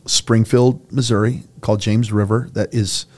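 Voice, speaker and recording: A man's voice: fairly low pitch, fairly even intonation, moderate pace. A middle-aged man, a senior pastor, talking earnestly and passionately in a conversational interview. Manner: earnest, impassioned storytelling, gets choked up.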